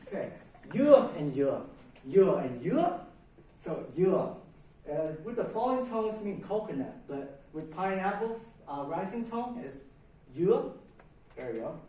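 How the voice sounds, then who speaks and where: A man's voice: on the high side, darkish tone, heavy reverb. Young man, classroom presentation, hesitant with fillers, far from the mic, faint room noise. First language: Vietnamese. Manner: hesitant, with many fillers, calls out tones for the class to repeat. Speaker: student presenter.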